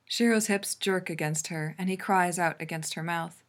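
A woman reading a fan fiction story aloud in a calm, even narrating voice. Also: lowish voice, normal speed. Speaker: reader.

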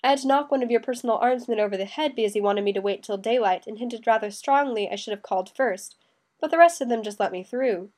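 A brash, restless young man with a quick, defensive, growling way of talking, as a woman reads him. He sounds sharp-tongued and fiercely loyal, in an audiobook. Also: on the high side, lightly acted.

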